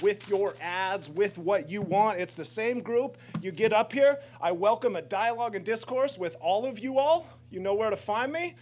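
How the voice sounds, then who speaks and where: American guy at a council mic, high voice, heated and pushy. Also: darkish tone. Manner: impassioned, confrontational. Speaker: public commenter. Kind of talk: public comment at a council meeting.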